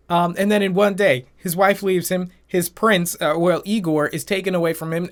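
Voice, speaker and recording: A man hosting a reaction channel, recapping and giving his opinions on a TV episode in casual, animated chat. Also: high-pitched.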